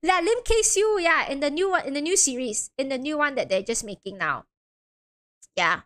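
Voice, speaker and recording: A young woman streaming a game at home, chatty and quick to laugh between lines. Her voice is high and very lively, sliding up and down a wide range as she chats. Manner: chatty, laughs readily, makes asides to chat. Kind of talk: live game stream, reading all the roles aloud.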